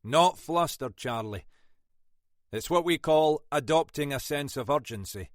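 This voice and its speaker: A man reading an audiobook, voicing a shrewd older Scottish detective inspector in a dry, probing, quietly commanding manner. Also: a little high, animated, measured pace, no echo, voice pushed up. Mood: brisk.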